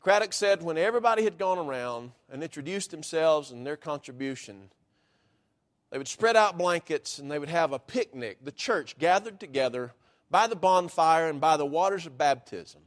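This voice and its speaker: A man preaching, retelling a baptism story in a folksy, deliberate storytelling manner. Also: a little high, lively intonation. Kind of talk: sermon storytelling.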